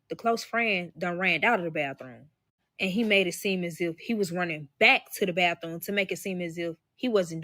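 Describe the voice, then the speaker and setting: A woman with a bright, forward voice tells a personal story to her live audience, swearing freely and calling them y'all. She slips into the voices of the people in her tale as she goes. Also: lowish voice, no echo. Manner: profane, emphatic, addresses listeners as y'all; acts out quoted voices. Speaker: storyteller recounting a personal experience.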